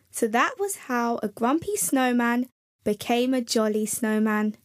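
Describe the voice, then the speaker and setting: Slow-reading woman storyteller for children. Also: on the high side, animated. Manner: gentle, addressing children. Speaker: storyteller host.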